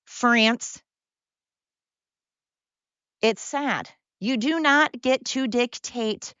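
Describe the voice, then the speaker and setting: An excited, brash woman rants through a casual podcast monologue, swearing freely as she goes. Her voice sits a little high. The sound is dry and slightly muffled. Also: clean tone, no echo. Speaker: podcast host.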